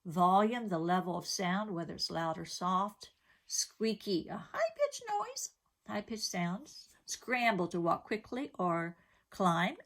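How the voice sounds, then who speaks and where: A middle-aged woman with a slightly low voice teaches vocabulary to young children. She talks patiently and simply, asking questions and giving everyday examples for each word. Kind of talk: elementary vocabulary lesson.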